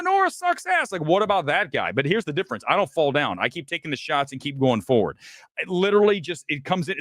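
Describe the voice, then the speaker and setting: A man's voice: on the high side, fairly bright tone, no room sound. A man hosting a film talk show, ranting in a combative, profane, emphatic way. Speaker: host.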